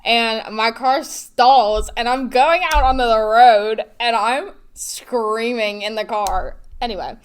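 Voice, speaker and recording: A teenage girl co-hosting a school podcast, telling a story in a casual, animated way with many fillers and giggles. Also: a little high, slow pace, hardly any pauses, clear, resonant tone. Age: teens. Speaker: podcast co-host.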